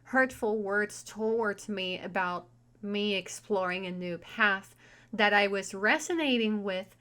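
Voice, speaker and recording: A woman's voice: medium pitch, a little slow, bright, forceful tone. A woman vlogger telling a personal story in a chatty, candid and wry way. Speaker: spiritual vlogger and tarot reader. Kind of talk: casual storytelling monologue.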